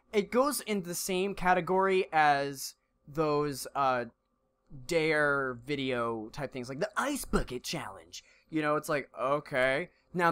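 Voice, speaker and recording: A man's voice: fairly high pitch, fairly bright tone. A man co-hosting a casual podcast, rambling and restarting his sentences as he thinks aloud. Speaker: podcast co-host. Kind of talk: casual chat. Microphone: podcast mic.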